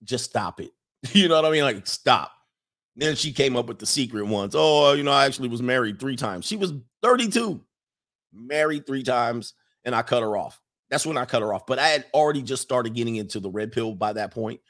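A man hosts his streaming podcast in a loose, casual monologue, answering viewer questions as he goes. He talks with animation, laughs often, and repeats lines to drive a point home. His pitch sits at an ordinary middle for a man. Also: lively intonation, brisk, fairly bright tone.

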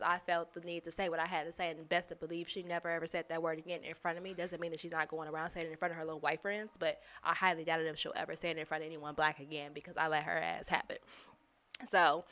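A woman who works as a production manager, casually and candidly telling workplace stories, swearing freely as she gets animated. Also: on the low side. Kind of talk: casual storytelling.

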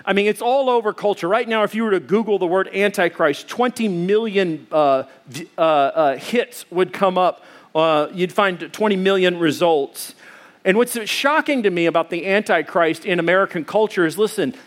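A middle-aged man preaching a sermon, telling a personal story in an animated, conversational way with frequent restarts. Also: high-pitched, moderate pace. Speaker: pastor.

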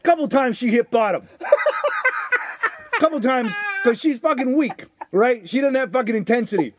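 A man's voice: extremely high pitch, sing-song, measured pace, noisy background. A man co-hosting a comedy podcast, riffing in improvised bits as a pushy dad. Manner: playing a gruff pushy dad in a bit. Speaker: podcast co-host.

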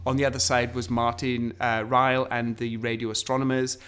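A man in a mid-pitched voice tells the story of an old scientific rivalry in a relaxed, chatty way. He hesitates often and restarts sentences as he goes. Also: fairly quick, smooth.

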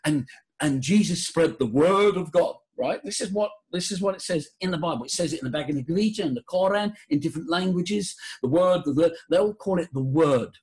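A man talking as a voice coach guest in a podcast interview, leading a breathing exercise in a theatrical, animated way. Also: brisk. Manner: animated, theatrical, jumps high for emphasis.

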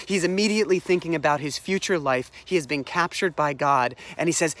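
Animated preacher man, slightly high voice. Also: a little fast, hardly any pauses. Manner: animated storyteller, repeats words as he restarts. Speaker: pastor. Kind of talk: sermon, retelling a Bible story.

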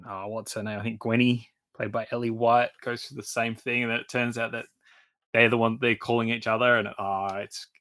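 Male podcast co-host, casual film chat, laughs a lot, trails off softer, mid-pitched. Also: flat delivery, brisk. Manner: laughs often, trails off quieter mid-thought.

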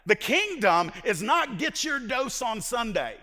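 A man preaching a sermon as pastor, swinging from shouted points to hushed asides and acting out the voices he quotes. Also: very high-pitched, big pitch swings, unhurried, long reverb tail.

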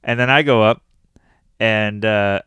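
A man's voice: lowish voice, a little slow, fairly bright tone, smooth, no room sound. A young adult man, a comedian, telling a story in casual chat and laughing often at himself. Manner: laughs often while telling stories, self-deprecating.

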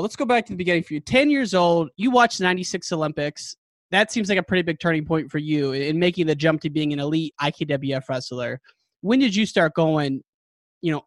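A man hosting a casual interview, upbeat and quick to laugh. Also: fairly high pitch, animated, no echo, clean studio sound. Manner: upbeat, laughs easily, calls guest man and dude. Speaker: podcast host.

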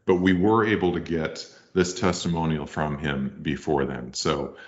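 A man co-hosts a comedy podcast with a low voice. He makes hesitant, mock-grand introductions. The audio is a bit dull and lo-fi. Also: fairly even intonation, normal speed. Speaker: podcast co-host. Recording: slightly muffled lo-fi audio.

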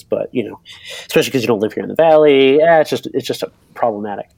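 A man's voice: medium pitch, fast, vocal fry, darkish tone, no room sound, rough recording. A young man, an interview guest, telling a long story in loose casual talk full of fillers, acting out the voices of other people. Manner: rambling, many fillers, acts out others' voices. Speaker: interview guest, bike racer and mechanic.

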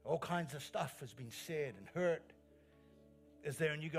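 In a church, a male pastor preaches a sermon with earnest, emphatic delivery, repeating key phrases and raising his voice on the strong lines. His voice sits a little higher than most men's, he speaks at normal speed with long pauses, and quiet instrumental music plays underneath.

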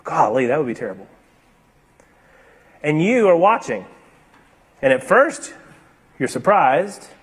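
A man preaching a sermon, moving between emphatic, raised passages and hushed, slow, deliberate ones. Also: fairly high pitch, very animated, slight background noise. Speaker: pastor.

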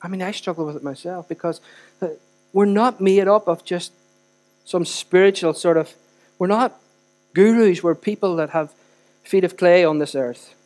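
High-voiced preacher. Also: male voice, moderate pace, long pauses. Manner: earnest, emphatic, swings between loud and soft. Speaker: pastor. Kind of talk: sermon.

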